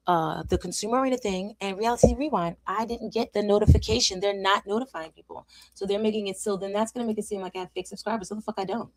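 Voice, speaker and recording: A woman's voice: medium pitch, quick pace, few pauses, no echo. A woman hosting a casual livestream, frustrated and swearing, often dropping into whispers, talking into a desk microphone at home. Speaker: livestream host.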